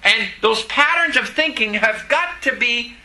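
A man preaching a sermon, slow and emphatic, repeating key words to his congregation. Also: extremely high pitch, lively intonation, pushed and bright, rough recording. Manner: preaching slowly with emphatic repetition. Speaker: pastor.

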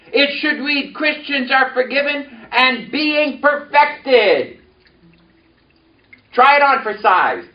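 A high-voiced male preacher works the room with lively call-and-response. His voice sits well back from the microphone in a reverberant hall. The recording is muffled and dull. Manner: animated, leads congregation in call-and-response. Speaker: pastor. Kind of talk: sermon with personal story. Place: church sanctuary. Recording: echoey, distant, dull church recording.

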